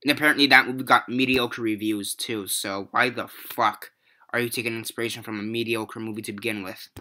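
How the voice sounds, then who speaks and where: A young man rants about films in a loose, rambling way, swearing often and sounding exasperated. His voice is very bright and sharp, at a middling pitch. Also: steady tone, brisk. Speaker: movie reviewer. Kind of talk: casual ranting review.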